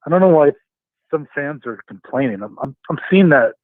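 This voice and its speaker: A man's voice: on the high side, lively intonation, a little fast, no echo. A man calling in to a sports talk show, chatty and laughing, with lots of fillers. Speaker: caller. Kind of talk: phone-in chat. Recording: tinny phone line.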